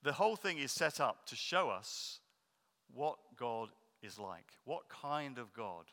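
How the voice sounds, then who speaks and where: Man, preacher, sermon, earnest, explanatory, bright forceful tone, long hall reverb. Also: medium pitch, very animated. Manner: earnest, explanatory, slowing down for emphasis.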